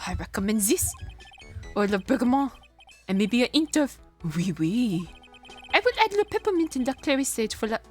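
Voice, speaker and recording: A woman voicing a flamboyant, flirty male French chef in a theatrical put-on French accent, gushing and sprinkling French words. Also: fairly high pitch.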